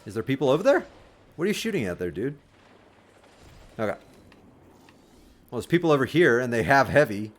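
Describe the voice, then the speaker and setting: A man streaming a video game, chatting casually with lots of fillers and sudden excited outbursts. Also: mid-range voice, a little fast, long pauses. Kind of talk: casual livestream commentary. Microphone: desk microphone.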